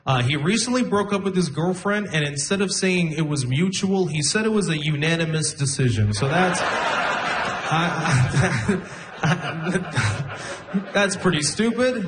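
A man's voice: fairly high pitch, animated, a little slow. A young man in his twenties doing a stand-up comedy set live, telling stories in a conversational way and acting out the people in them. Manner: conversational storytelling, acts out quoted people. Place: live comedy show before an audience. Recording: live show with audience noise.

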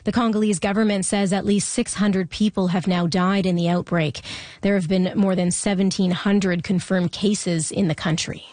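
A woman anchoring a radio newscast in a studio, reading the news in a measured, even delivery. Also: mid-range voice. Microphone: studio microphone.

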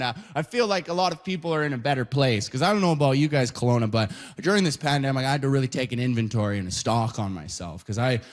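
A man doing a stand-up set, rambling through stories and tacking "right?" onto his lines. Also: mid-range voice. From Canada. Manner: rambling, animated storytelling with tag questions. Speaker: stand-up comedian. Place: live comedy stage.

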